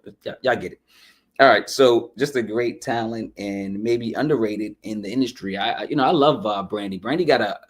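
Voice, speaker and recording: Low-voiced man chatting through a review. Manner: loose and chatty, full of shout-outs and asides, often saying "you know what I'm saying". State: runny nose. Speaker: podcast host reviewing an album. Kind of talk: casual music review chat.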